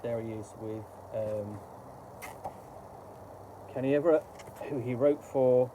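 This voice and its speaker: A middle-aged man giving casual, rambling, halting commentary while unboxing a book. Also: medium pitch, dark tone, a little hiss or hum, rough recording.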